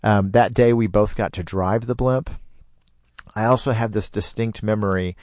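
Animated male storyteller, lowish voice. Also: moderate pace, dry recording. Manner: animated, with sound effects and put-on voices in quotes. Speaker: storyteller guest. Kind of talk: casual storytelling.

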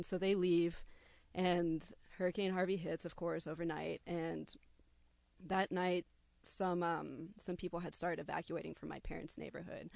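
A young adult telling a personal story to a listener, animated and acting out the quoted voices. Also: medium pitch, unhurried, gravelly, no echo.

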